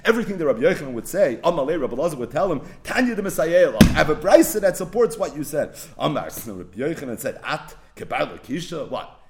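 Animated man teaching a Talmud class. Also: fairly high pitch, fast, a little hiss or hum. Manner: sing-song learning cadence, acting out the rabbis' voices. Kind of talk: animated Talmud class, mixing Aramaic and Hebrew into English.

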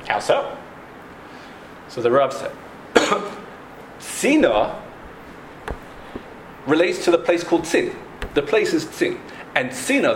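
A man's voice: on the high side, a little hiss or hum. A man teaching a religious class on pronunciation, speaking with frequent restarts and a singsong lilt when he stresses words. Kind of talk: Torah lesson on Hebrew pronunciation. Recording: echoey room with faint ambience.

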